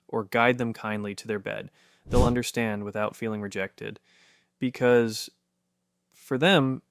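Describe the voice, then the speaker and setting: A man reading a scripted narration in a soft, steady, reassuring way. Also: medium pitch, no echo, studio quality.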